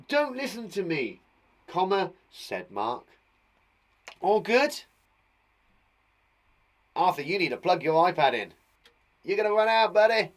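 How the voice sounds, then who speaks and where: An English man teaching young children online, his voice sitting a little high for a man. He is patient and encouraging, thinking aloud as he writes out each example. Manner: patient, encouraging, talks aloud while writing. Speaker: primary school teacher. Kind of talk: live online English lesson.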